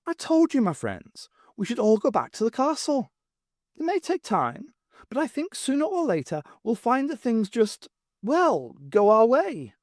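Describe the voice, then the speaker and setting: A woman's voice: fairly high pitch, huge pitch swings, unhurried, a little mellow, dry recording, clean studio sound, voice pushed up, exaggerated voice. A woman doing a haughty, affected chambermaid. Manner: prim and affected. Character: haughty regal chambermaid, vain and dreamy.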